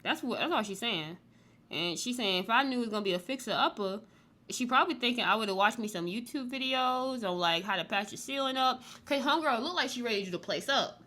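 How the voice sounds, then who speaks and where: Chatty woman host, bright tone, rambling loose recap talk. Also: fairly high pitch, lively intonation, fairly quick. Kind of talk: casual chat review.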